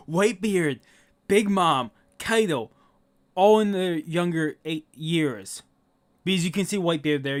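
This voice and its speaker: A man reading a comic aloud and reacting with loud, swearing asides. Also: on the high side. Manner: swears often, reads text aloud with excited asides. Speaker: manga reaction host.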